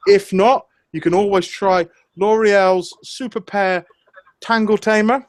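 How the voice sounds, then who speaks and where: A man talking in a casual, crude, joking way, drifting off on tangents. His voice sits a little high for a man. The sound is dry with no room echo. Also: steady tone, takes it slowly. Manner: crude, jokey, goes off on tangents. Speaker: podcast co-host. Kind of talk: casual chat.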